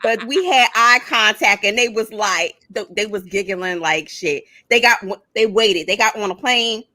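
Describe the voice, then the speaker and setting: A woman's voice: medium pitch, moderate pace, sharp tone. A woman co-hosting a casual talk show, telling a story in a blunt, brash way. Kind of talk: casual chat.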